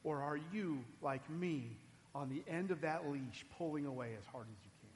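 High-voiced man preaching a sermon. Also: moderate pace, a little hiss or hum. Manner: swings from soft and low to loud and emphatic. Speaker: pastor. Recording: long hall reverb.

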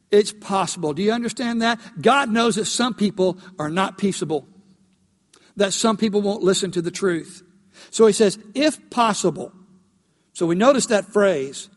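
A male pastor preaching a sermon, emphatic and animated, rising to loud peaks as he tells a story. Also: sits high. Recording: long hall reverb.

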